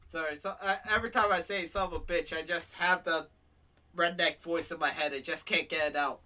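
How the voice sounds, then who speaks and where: A man's voice: fairly high pitch, normal speed, sharp tone. A man co-hosting a casual podcast, swearing freely, laughing often and reading posts aloud. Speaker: podcast co-host. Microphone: home microphone, streamed show.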